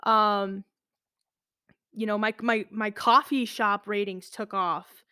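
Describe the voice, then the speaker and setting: A woman's voice: medium pitch, steady tone, slow, pushed and bright, clear, resonant tone, no echo, studio quality. A woman in her twenties telling a personal story as a podcast host, casual and rambling, full of "like" and "you know". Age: 20s. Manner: rambling, filler-heavy, lots of "like".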